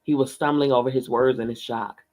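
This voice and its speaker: A man reading a novel aloud in a measured, steady storytelling manner. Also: medium pitch. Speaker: book reader.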